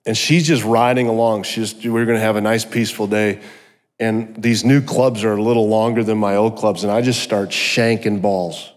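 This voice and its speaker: A middle-aged man giving a personal testimony sermon, telling his story with animated energy and joking asides. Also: on the low side, moderate pace. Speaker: guest speaker. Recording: long hall reverb.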